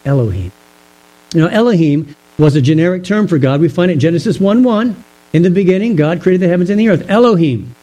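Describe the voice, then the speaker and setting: High-voiced man preaching a Bible study. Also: mellow, rough recording. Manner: measured, explanatory, with rhetorical questions. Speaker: pastor. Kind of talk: Bible teaching sermon.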